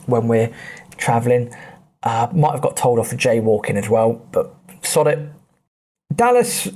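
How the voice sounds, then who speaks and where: A man's voice: a little high, darkish tone. An English man in his thirties hosting a podcast, telling travel stories in a chatty, blunt way with British slang. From England. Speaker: podcast host. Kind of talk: casual travel storytelling.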